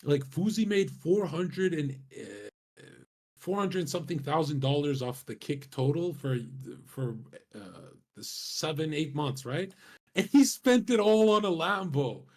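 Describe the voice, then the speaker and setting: Young male streamer, raspy, brash and profane, rambling casual chat. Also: a little high, lively intonation, measured pace, darkish tone. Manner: swaggering, profane, slangy.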